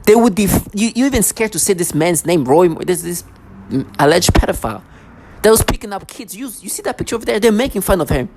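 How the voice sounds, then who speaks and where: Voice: medium pitch, expressive, fast talker, noisy background. A vlogger ranting to camera in an agitated, accusatory way, full of sarcasm and stammered restarts.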